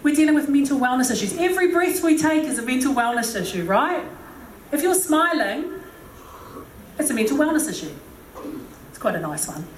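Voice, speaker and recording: A woman's voice: high voice, expressive, brisk, long pauses, slight background noise. A woman preaching a humorous sermon, chatty and joking with many asides, recorded from a distant mic in an echoey hall.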